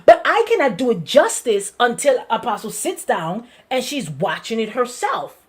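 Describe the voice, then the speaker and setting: A woman pastor with a Brooklyn accent, hosting a weekly talk in an animated, conversational preaching style, often repeating her phrases. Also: a little high, normal speed. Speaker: pastor and show host.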